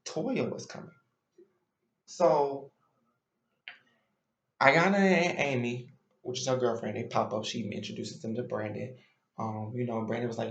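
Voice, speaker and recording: A man's voice: medium pitch, a little slow, long pauses, roomy sound, dull audio. A man giving a chatty, opinionated and sassy recap of a reality show in casual commentary.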